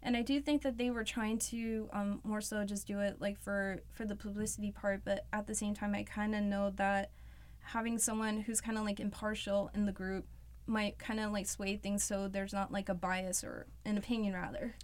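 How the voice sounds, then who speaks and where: A woman's voice: medium pitch, little pitch movement, moderate pace. A young woman, a student, talking casually and hesitantly, using lots of filler words like "like" and "kinda". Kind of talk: casual discussion.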